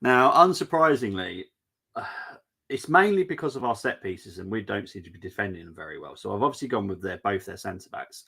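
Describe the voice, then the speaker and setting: Male stream host, low voice, easygoing chat with asides. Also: creaky, husky. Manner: relaxed, chatty, reacting to live chat with asides. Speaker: host of a fan watch-along stream. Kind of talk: casual fan chat.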